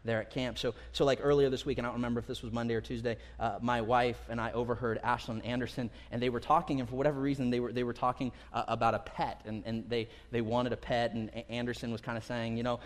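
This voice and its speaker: A thirtysomething pastor talks fast with hardly any pauses, his medium-pitched voice showing little pitch movement. His sermon to the congregation is casual, with quotes acted out in rising emphasis, recorded amid the long reverb of a church sanctuary.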